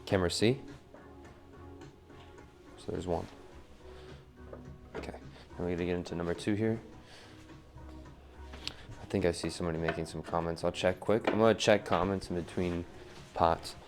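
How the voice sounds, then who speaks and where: A man's voice: low-pitched, fairly even intonation, moderate pace, long pauses, over music. A man teaching wheel-throwing as he works, talking through each step and counting pulls under his breath. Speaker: pottery instructor. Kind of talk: live throwing demonstration.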